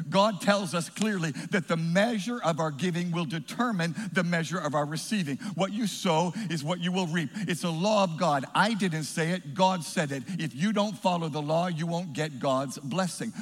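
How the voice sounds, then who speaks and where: A man preaching a sermon in a church, emphatic and rising to shouts as he calls for responses. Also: a little high, in a large hall.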